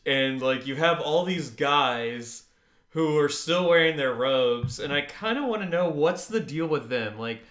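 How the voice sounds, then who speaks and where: A man's voice: fairly high pitch, lively intonation, a little slow, a bit bright. Male podcast co-host, casual recap chat, filler-heavy and wry, recorded in a roomy space. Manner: rambling, with many fillers and wry jokes.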